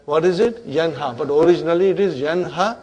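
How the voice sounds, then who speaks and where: A man's voice: a little high, fairly quick, darkish tone, dull audio. A man teaching grammar in a lesson, drilling verb forms and checking in with "huh?" and "okay?", calling his student brother. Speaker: Arabic teacher.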